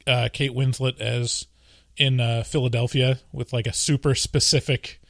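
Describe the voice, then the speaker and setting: Recorded in a clean studio with no echo, a West Coast American man co-hosts a laid-back podcast. His medium-pitched voice is level, creaky, and fairly bright, and he rambles along, cracking jokes and laughing quickly.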